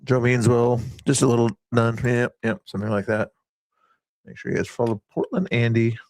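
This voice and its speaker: Livestream host, rambling casual chatter, dry close mic. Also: male voice, mid-range voice, normal speed, darkish tone, no echo. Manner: rambling, chatty, reads chat aloud.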